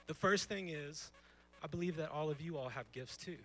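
Bright-voiced young man preaching emphatically. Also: on the high side, moderate pace, faint music behind, poor audio. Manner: emphatic, conversational, rhetorical questions. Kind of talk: youth sermon. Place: church stage.

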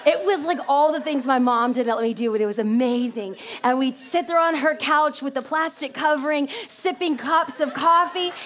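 A woman preaching a sermon in an animated, joking storytelling manner. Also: high-pitched. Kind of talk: comedic sermon.

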